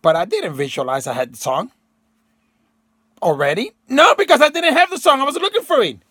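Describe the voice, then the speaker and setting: Emphatic high-voiced man, rambling monologue. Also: lively intonation, a little fast, bright, forceful tone, slightly rough, no room sound, clean studio sound. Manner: emphatic, rambling, slangy, acts out quotes. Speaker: self-help video host. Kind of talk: casual monologue to camera.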